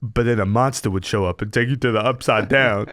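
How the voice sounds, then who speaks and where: A man co-hosting a comedy podcast, riffing with quick replies and jokes. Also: fairly low pitch, fairly bright tone, no echo, studio quality. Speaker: podcast co-host. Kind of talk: casual comedic chat.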